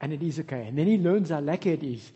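Man, pastor's sermon, high mellow voice, long hall reverb, dull lo-fi sound. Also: fast talker. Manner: lively storytelling with humorous asides.

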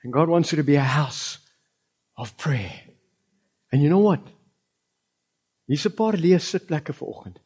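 A South African man preaching a sermon in church, with a husky, slightly raised voice. He preaches in an animated way and now and then drops into Afrikaans. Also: a little high, unhurried, pauses often. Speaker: pastor.

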